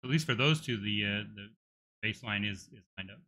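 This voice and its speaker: A man's voice: on the low side, brisk, pushed and bright. A middle-aged man with a tired throat, live coding and thinking aloud, hesitant with many restarts. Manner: hesitant, many restarts while working things out. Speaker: game developer streaming live.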